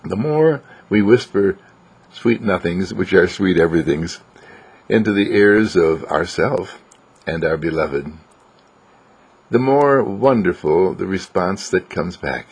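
Male spiritual speaker, deep and husky, gentle unhurried delivery that slips into whispers. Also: lively intonation. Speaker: dean giving a daily spiritual message. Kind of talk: inspirational spiritual talk.

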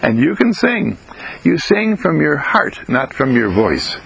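A man giving an inspirational self-help monologue, gentle and sing-song, repeating phrases with rising pitch. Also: very animated, a little slow, gravelly, slight background noise, poor audio.

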